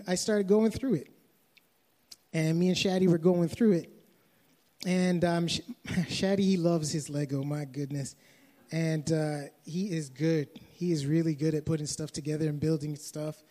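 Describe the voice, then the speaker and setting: A young adult man with a Canadian accent preaching a sermon, telling a story softly and then raising his voice to exhort. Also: fairly high pitch. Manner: storytelling, shifts from soft anecdote to raised preaching. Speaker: pastor.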